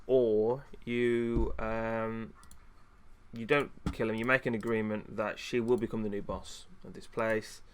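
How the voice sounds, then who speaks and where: A man's voice: fairly low pitch, flat delivery, a little slow, slight background noise. A man streaming, chatting casually in a frustrated rant with lots of fillers and restarts. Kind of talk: casual chat.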